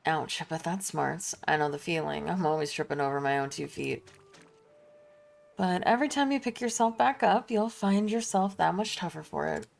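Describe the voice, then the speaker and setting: A woman's voice: low voice, normal speed, creaky, soft background music. A woman voicing a kindly young male traveling apothecary with a put-on Southern drawl, reading game dialogue aloud. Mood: reassuring. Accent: put-on American Southern. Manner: folksy, reassuring drawl.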